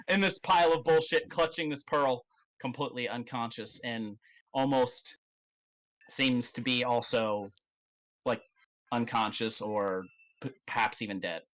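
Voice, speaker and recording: Slow-talking game master, bright voice. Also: male voice, mid-range voice, steady tone, low-quality recording. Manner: loose, halting narration with many ums and swearing. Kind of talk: narrating a tabletop game.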